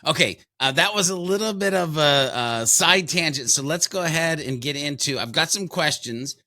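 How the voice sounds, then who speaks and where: A man's voice: fairly high pitch, expressive, normal speed, pushed and bright, no echo. An American man hosting a podcast, talking in an upbeat, enthusiastic, folksy way. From United States. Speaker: podcast host. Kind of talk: casual podcast chat.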